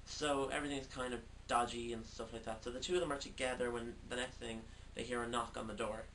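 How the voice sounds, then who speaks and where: A man's voice: mid-range voice, level tone, fast, fairly bright tone. A man giving a casual video film review, talking hesitantly with many fillers. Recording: distant mic, faint background noise.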